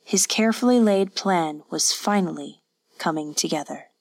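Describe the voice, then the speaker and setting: A woman narrating an audiobook in a measured, even storytelling manner. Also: on the low side, vocal fry, no echo. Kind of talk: scripted narration.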